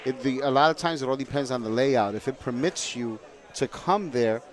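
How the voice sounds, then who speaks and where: A man's voice: medium pitch, moderate pace. A man sitting in as a guest commentator on a pool match, explaining strategy with analogies. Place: commentary booth at a billiards hall.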